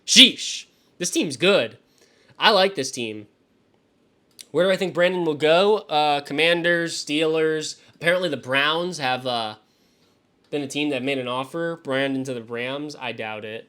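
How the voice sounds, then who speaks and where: A man's voice: medium pitch, fairly bright tone. A young man streaming live, chatting casually and swearing loosely as he reacts to his chat. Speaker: fantasy football streamer.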